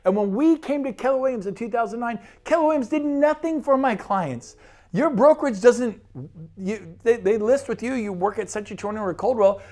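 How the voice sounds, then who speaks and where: Enthusiastic man pitching real estate. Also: fairly quick, darkish tone. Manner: enthusiastic, conversational, with acted quotes. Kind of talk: sales presentation.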